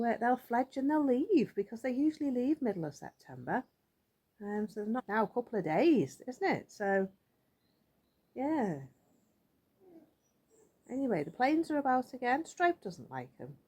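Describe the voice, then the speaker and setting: A woman's voice: mid-range voice, mellow, breathy edge. A woman chatting casually to her vlog audience, rambling and thinking aloud as she goes. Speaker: vlogger. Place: outdoors in a yard.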